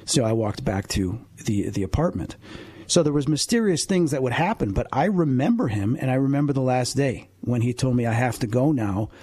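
A husky man in his late fifties tells a story on the radio with earnest, animated energy. His mid-range voice sounds dry and close, with no room around it. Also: mid-range voice, fairly quick, no room sound. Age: 50s. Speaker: paranormal investigator and medium, guest.

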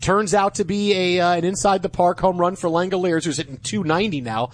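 An excitable man hosting sports talk radio with a high, lively voice. He jokes with his co-host and bursts into loud cheers. His talk is quick and full of casual fillers.

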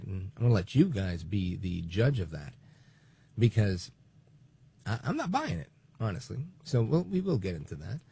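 A man in his late forties hosting a political talk radio show, chatty and digressive, with lively bursts of emphasis. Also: mid-range voice, gravelly, husky, dry recording. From New Jersey, USA.

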